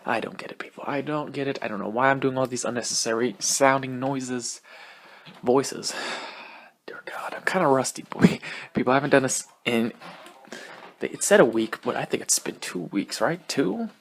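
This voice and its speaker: A young man hosts his own podcast alone, rambling loosely from one thing to the next. He swears freely, laughs often and rushes his words. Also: mid-range voice, a little hiss or hum. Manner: profane, rambling, laughs often, talks fast. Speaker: podcast host. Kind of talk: casual solo podcast rant.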